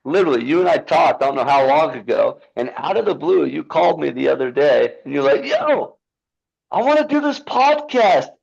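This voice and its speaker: A man's voice: medium pitch, fast, creaky, hardly any pauses, a little mellow, breathy edge, muffled recording. A man being interviewed as a guest, talking earnestly and emphatically about a film he made and about holding yourself accountable. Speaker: podcast guest, filmmaker. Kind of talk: earnest motivational talk.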